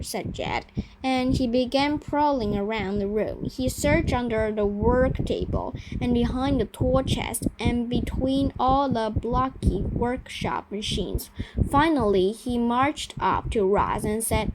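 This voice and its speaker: A woman reads a children's novel aloud at a slow, careful pace. Her voice sits fairly high, and she often stumbles and corrects herself. Clicks and steady noise run through the recording. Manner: careful reading with frequent stumbles and self-corrections. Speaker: reader.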